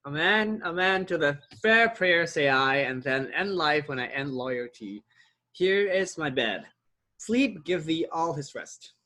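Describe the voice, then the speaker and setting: Earnest young male lover, read by a man, bright and fairly high. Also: expressive, measured pace. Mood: tender.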